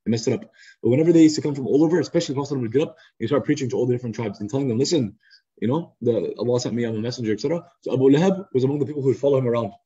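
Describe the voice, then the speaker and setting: A man teaching a youth study circle in a lively, conversational storytelling style, acting out quotes over a video call. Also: mid-range voice, very fast, husky. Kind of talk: casual storytelling lesson. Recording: slightly muffled lo-fi recording.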